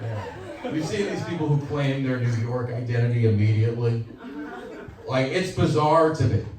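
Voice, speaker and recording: A young man doing a stand-up comedy set on stage, animated and slipping into quoted voices for his punchlines, with the audience laughing. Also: medium pitch, normal speed, crowd noise. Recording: loud audience laughter, echoey club heard from far.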